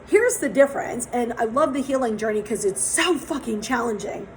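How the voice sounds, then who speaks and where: A woman's voice: a little high, lively intonation, normal speed, a little hiss or hum, low-quality recording. A young adult woman doing a casual oracle card reading outdoors, talking frankly and swearing often as she tells her own stories. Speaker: psychic tarot reader.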